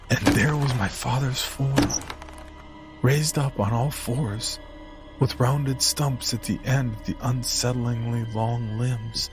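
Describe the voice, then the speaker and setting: A man reading a scripted horror story as narrator, in a measured, grave manner. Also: fairly low pitch, breathy edge.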